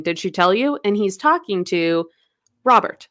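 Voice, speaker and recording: An expressive, unhurried woman with a medium-pitched, fairly bright voice co-hosts a podcast. She casually recaps a novel's plot, chatting loosely and voicing bits of its dialogue.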